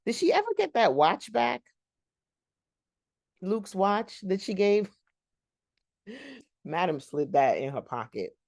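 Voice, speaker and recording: A woman's voice: medium pitch, sing-song, slow pace, gravelly, pauses often, a little mellow, dry recording, studio quality. A woman hosting a casual, rambling TV recap and talking straight to her viewers as "y'all.". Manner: chatty, addresses viewers as y'all; long-winded and rambling. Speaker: TV show recap host.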